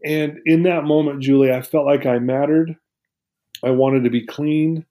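A man's voice: on the high side, fairly even intonation, normal speed, warm tone. A man as an interview guest, telling a personal story in an earnest, heartfelt, reflective way.

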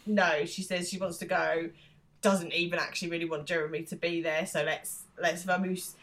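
A woman's voice: lowish voice, flat delivery, moderate pace, a bit bright. A woman co-hosting a podcast, recapping a show in casual chat and often laughing as she acts out lines. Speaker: podcast co-host.

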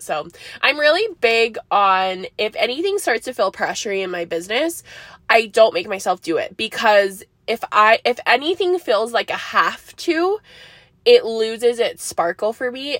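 A woman's voice: medium pitch, a bit bright, no echo, clean studio sound. A young woman hosting a casual solo podcast, rambling and bubbly, laughing often and filling her talk with likes and ums. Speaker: podcast host.

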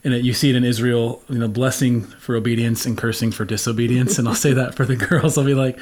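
Man co-host, mid-pitched, relaxed and chuckling. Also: fast, hardly any pauses. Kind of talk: casual conversation.

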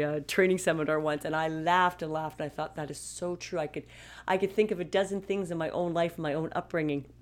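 A woman in her fifties talking casually and emphatically to her viewers about advocating for yourself, often restarting her sentences. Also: low voice. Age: 50s. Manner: chatty and emphatic, with frequent restarts. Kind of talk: casual personal talk to viewers.

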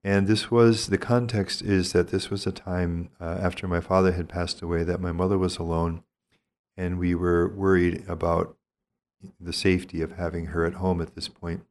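This is an older male priest giving spiritual teaching in a calm, reflective way. His voice sits very low and deep. He talks gently and thoughtfully, measuring each phrase and often pausing mid-thought.

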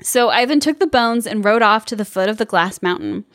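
A woman's voice: mid-range voice, animated, brisk, a bit bright, no echo, clean studio sound. A young woman hosting a podcast, reading a fairy tale aloud with giggly, wry asides. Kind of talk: comic storybook reading with asides.

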